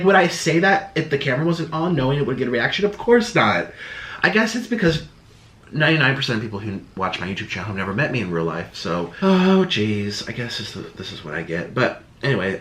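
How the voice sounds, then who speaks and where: A man's voice: mid-range voice, fairly bright tone. A young man YouTuber talking casually to camera, rambling and defensive, slipping into sarcastic quoted voices. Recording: echoey room.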